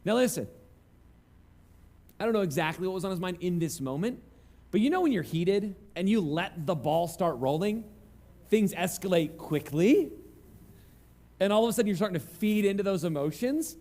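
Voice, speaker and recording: A man's voice: high-pitched, lively intonation, normal speed, long pauses, a little mellow. A man preaching a conversational sermon, telling self-deprecating stories. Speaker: pastor.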